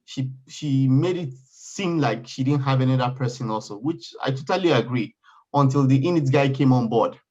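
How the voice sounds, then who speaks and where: A man's voice: mid-range voice, normal speed. A man telling a personal story in a casual panel chat, acting out what others said. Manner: animated storytelling, acts out quoted voices. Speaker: panel guest. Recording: dull lo-fi sound.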